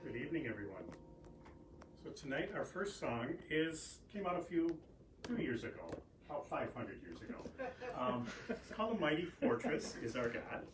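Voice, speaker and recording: Church music guy introducing a hymn, bit halting, echoey room, noisy. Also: on the high side, sing-song. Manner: casual, friendly, slightly halting. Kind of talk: introducing a song. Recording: echoey room, distant mic, noise.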